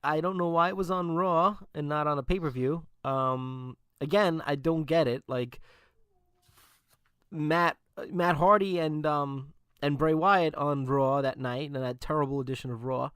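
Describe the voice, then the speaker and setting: A man hosting a casual wrestling podcast, relaxed and laughing often with many ums. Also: on the high side, a little slow, smooth, no echo, clean studio sound. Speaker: podcast host.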